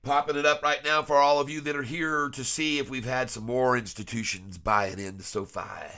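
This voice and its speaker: Male vlogger, stuffy nose, folksy chuckling chart talk, bright forward tone. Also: medium pitch, steady tone, moderate pace. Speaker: stock trading vlogger. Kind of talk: casual screen-share commentary.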